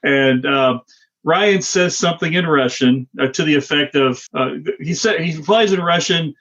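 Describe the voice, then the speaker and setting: A man's voice: a little high, a little slow, a bit bright, dull audio. A man co-hosting a film podcast, chiming in with short agreements and filling in scene details. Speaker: podcast co-host. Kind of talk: casual movie-review chat.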